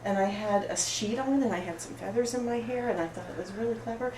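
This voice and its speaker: An actress playing an oversensitive, apologetic woman at a support group, rambling through an improvised monologue in a rough, emotionally raw way. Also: on the high side, quick pace, natural voice. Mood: wounded. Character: oversensitive, apologetic woman pouring out her woes. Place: roomy studio space. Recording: echoey room, far mic, background noise.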